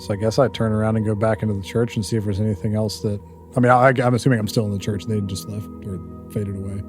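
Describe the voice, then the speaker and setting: A man's voice: fairly low pitch, flat delivery, fast talker, darkish tone, faint music behind. A man playing a tabletop game, talking hesitantly and casually. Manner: hesitant, casual, many fillers. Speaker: player.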